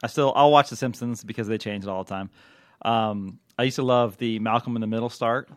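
A man at a middle pitch chats on a podcast about television, stopping and restarting often and filling gaps with "uh". His voice is close and dry, with no room sound. He talks easily. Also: fairly quick, dry recording. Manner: chatty, many fillers and restarts. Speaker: podcast co-host, TV critic. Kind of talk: casual podcast chat.

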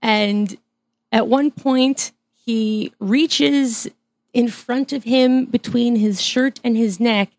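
A woman's voice: fairly high pitch, steady tone, slow, a little mellow, no echo. A woman chatting as a podcast guest, talking eagerly and laughing often as she restarts her sentences. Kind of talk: casual interview chat.

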